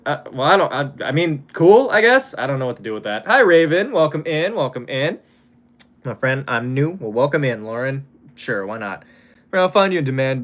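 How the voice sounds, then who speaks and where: This is a young man on a livestream, answering chat messages off the cuff. His pitch swings up and down a lot as he talks. He rambles, stops himself mid-phrase and curses easily. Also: a bit bright. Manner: rambling, self-interrupting, swears freely, laughs often. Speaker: streamer reading chat.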